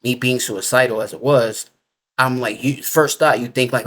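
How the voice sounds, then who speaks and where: A man's voice: medium pitch, fairly even intonation, normal speed. Rambling man telling a personal story. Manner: loose, rambling talk full of "like" and restarts; nonstandard everyday grammar. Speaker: interviewee telling a near-death experience.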